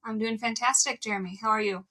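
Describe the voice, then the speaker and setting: A woman's voice: a little high, fast, bright, forceful tone, low-quality recording. A woman co-hosting a podcast in a casual, upbeat way, laughing easily. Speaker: podcast co-host.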